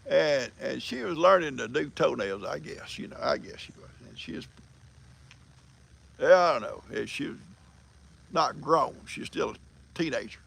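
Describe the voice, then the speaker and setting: A man's voice: on the high side, animated, moderate pace, vocal fry, long pauses, fairly bright tone, slightly rough. An older man with a country accent, hosting a livestream in folksy, rambling casual chat and reading viewer comments. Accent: American country. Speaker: livestream host.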